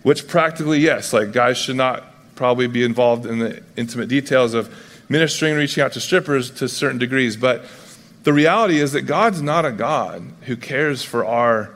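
A man preaching a casual, conversational sermon as pastor, acting out biblical figures in quick voices. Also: mid-range voice, fairly bright tone. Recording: long hall reverb.

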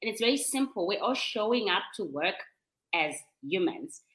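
A woman's voice: medium pitch, very animated, normal speed, a bit bright, poor audio. A woman from Zimbabwe with a Zimbabwean accent, speaking as a guest on a panel and explaining her points in a conversational way.

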